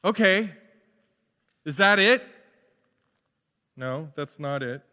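A man preaching with a bright, forceful voice that rings out in a long hall echo. He is animated and playful, slipping into quick acted-out asides between the sermon lines. His pitch sits a little above average for a man. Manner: animated, acts out crowd and John in playful asides. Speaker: pastor.

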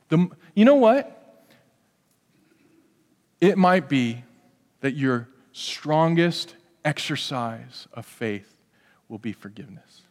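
Animated preaching man in a reverberant church. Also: on the high side. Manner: animated preaching, swings between hushed asides and loud emphatic peaks. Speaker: pastor. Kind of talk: sermon. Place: church sanctuary.

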